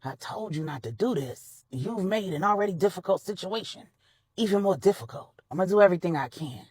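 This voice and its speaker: Woman putting on a weary young father, blunt, pleading, lower than her narration, dry sound. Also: sing-song, a little fast, slightly rough, no echo.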